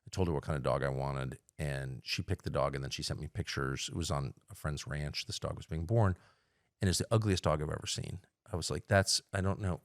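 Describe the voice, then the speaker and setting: A middle-aged man talks bluntly as a podcast guest, his very low voice rough with gravel. He voices strong opinions and often restarts his sentences. The sound is close and dry, with no room echo. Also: brisk. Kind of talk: casual chat.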